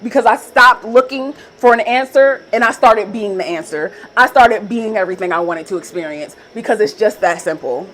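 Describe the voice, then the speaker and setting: A woman's voice: mid-range voice, normal speed, few pauses, a bit bright, a little hiss or hum, poor audio. A young woman talking straight to her viewers in a motivational vlog, repeating emphatic affirmations, casual and profane. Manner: casual, direct address to viewers. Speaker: manifestation coach.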